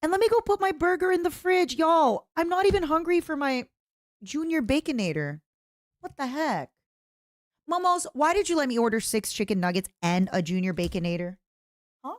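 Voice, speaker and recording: A woman streamer chatting casually and reacting to clips, excitable and playful, squealing over cute things. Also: high voice, moderate pace, dry recording, studio quality.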